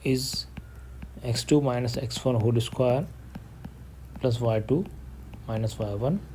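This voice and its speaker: Male math teacher, mellow voice. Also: medium pitch, measured pace, slight background noise. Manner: steady step-by-step explaining, working problems aloud. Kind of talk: online math lesson, mixing English and Hindi.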